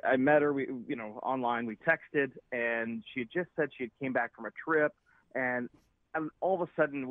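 A man's voice: mid-range voice, no echo. A man calling in to a radio show, talking bluntly and with exasperation. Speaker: caller. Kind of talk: phone call on a radio show. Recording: tinny phone line.

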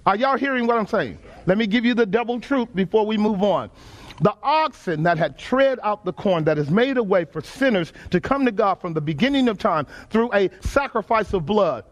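A Texan man with a high, expressive voice preaches a sermon at a normal pace. His style is folksy and emphatic, built on call-and-response with the congregation gathered in the church sanctuary.

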